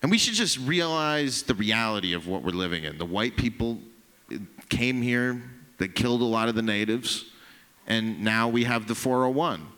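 A man's voice: medium pitch, expressive, normal speed, a bit bright, clean tone, long reverb tail. A man doing a stand-up set, brash and profane, teasing people in the crowd. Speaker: stand-up comedian. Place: comedy club stage.

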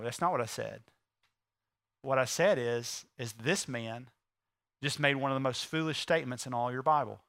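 A man preaching a sermon to a congregation, swinging from loud, pleading acted quotes to hushed, intimate asides. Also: fairly high pitch, no room sound, clean studio sound. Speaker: pastor.

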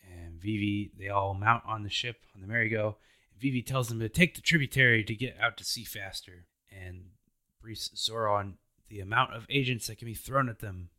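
A man's voice: lowish voice, pushed and bright. A man casually retelling anime episodes as a podcast host, laid-back and playful. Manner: slow, laid-back retelling with playful put-on character voices. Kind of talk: casual recap chat.

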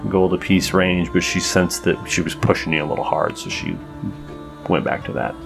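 A man's voice: low voice, fairly even intonation, moderate pace, vocal fry, faint music behind. A man narrating as game master in a casual, rambling way.

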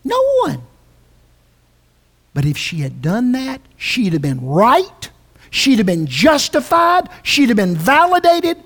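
A woman's voice: a little high, huge pitch swings, slow, pauses often. A woman preaching a sermon with passion and emphasis, often restarting her phrases.

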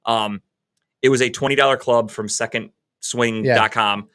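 A man's voice: medium pitch, moderate pace, no echo. A man co-hosting a podcast, chatting loosely and swearing as he tells stories. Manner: laid-back, swears often, animated storytelling. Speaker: podcast co-host. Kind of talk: casual chat.

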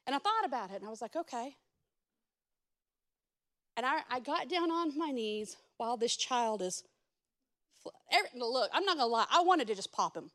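A woman pastor preaching a sermon, swinging between loud urgent passages and soft hushed speech, with direct asides to the congregation. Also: on the high side, expressive, normal speed, long pauses.

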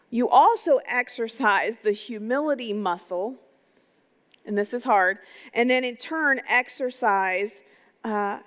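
A middle-aged woman delivers a sermon in a casual, energetic way, checking in with her listeners through quick rhetorical questions. Her voice sits in a middle pitch. It trails off into the long reverb of a large church sanctuary. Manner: energetic, conversational, asks the crowd rhetorical questions. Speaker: pastor.

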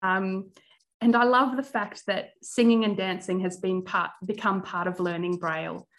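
A woman's voice: mid-range voice, steady tone, normal speed, fairly bright tone, poor audio. Cheerful chatty woman interview guest. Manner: cheerful, chatty, with frequent ums and laughs. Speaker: guest, primary music teacher and Braille educator. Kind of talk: casual interview.

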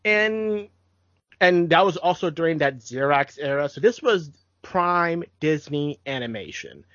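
A young man in casual podcast chat, talking with eager film-buff energy and frequent restarts. His voice sits a little high for a man. The recording is close and dry, with a dull, muffled tone. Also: expressive, a little slow, fairly bright tone, no echo. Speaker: podcast co-host.

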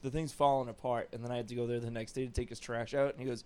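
A man's voice: mid-range voice, level tone, racing, warm tone, slight background noise. A young man co-hosting a podcast, telling a story in a rambling way with many restarts. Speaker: podcast co-host. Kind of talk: casual storytelling chat.

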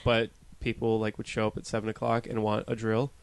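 A young man with a smooth, resonant voice, rambling through a casual podcast chat. He talks in a loose, self-deprecating way and swears now and then. The sound is dry and close, with no room behind it. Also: fairly low pitch, monotone, a little fast, no room sound. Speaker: podcast co-host.

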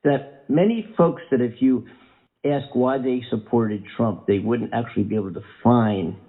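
A man co-hosting a casual chat show, full of fillers and restarts. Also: medium pitch. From Philadelphia suburbs, USA. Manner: halting, lots of fillers and restarts. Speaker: podcast co-host. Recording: tinny phone-like audio.

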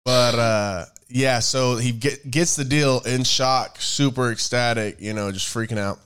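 A man talks in a loose, rambling way as he retells a story to his co-host, and he slips into the voices of the people in it. His voice is smooth and clear, at a middle pitch. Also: steady tone, measured pace, fairly bright tone. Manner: rambling, acts out quoted voices. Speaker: podcast co-host. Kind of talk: casual chat retelling a story.

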